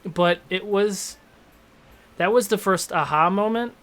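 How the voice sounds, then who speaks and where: A man's voice: sits high, a little slow, fairly bright tone. A man in his thirties, a game master and show host, talking candidly in a rambling, self-deprecating way in a casual panel discussion.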